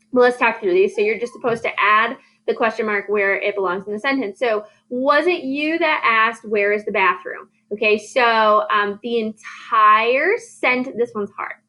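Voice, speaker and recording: A woman's voice: medium pitch, fairly bright tone, rough recording. A woman librarian teaching a grammar lesson in a casual, chatty way, often checking in with the class. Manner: chatty and explanatory, often checking with "right?" and "okay?".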